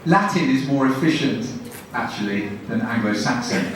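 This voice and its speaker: A man giving a guest lecture, demonstrating classroom teaching with brisk questions and quick praise. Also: medium pitch, lively intonation. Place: university lecture room. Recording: echoey room from a distant mic.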